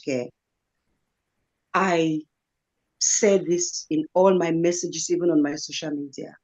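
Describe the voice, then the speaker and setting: A woman with a lowish voice, a kidney patient, appears as a guest in an online live talk, speaking earnestly and motivationally. She repeats phrases for emphasis, and the recording is rough.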